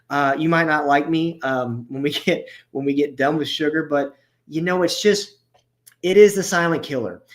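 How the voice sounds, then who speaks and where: A man giving a casual, conversational health workshop as a chiropractor, often restarting his sentences and stressing his key points. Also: mid-range voice. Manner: casual and conversational, with frequent restarts and filler words. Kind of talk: informal health workshop talk.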